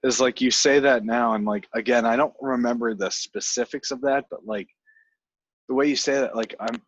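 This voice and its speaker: A man's voice: mid-range voice, steady tone, normal speed. A man co-hosting a casual podcast, rambling with many restarts. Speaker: podcast co-host. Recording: dry, dull lo-fi podcast audio.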